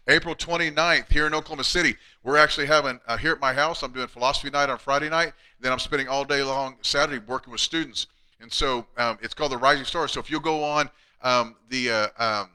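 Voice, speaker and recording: A man's voice: mid-range voice, fairly quick, sharp tone, clear, resonant tone. A middle-aged man, a chiropractor hosting a casual live Q&A, talking bluntly and chattily. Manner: blunt, chatty, reads out viewer questions.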